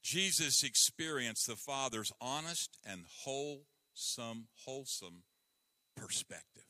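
A male pastor preaching a sermon, swinging from loud emphasis to hushed tones. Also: medium pitch, lively intonation, slow, no echo. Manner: breaks into hymn lines.

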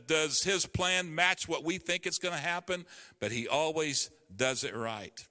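A male pastor with a bright, forceful, somewhat high voice delivers a sermon, pressing his points with emphatic rising calls. His words ring out with a long reverb, as in a large church sanctuary. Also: smooth.

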